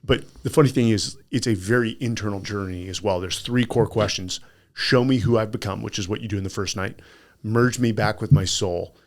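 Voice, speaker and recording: Low-voiced man telling stories on a podcast. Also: a little fast. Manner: animated anecdotal storyteller. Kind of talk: casual storytelling in a podcast.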